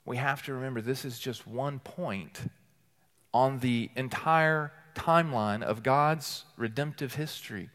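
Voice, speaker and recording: A man preaching a sermon as teaching pastor, earnest and deliberate, building emphasis through repeated phrases and reading scripture aloud slowly. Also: medium pitch, fairly bright tone. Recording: long hall reverb.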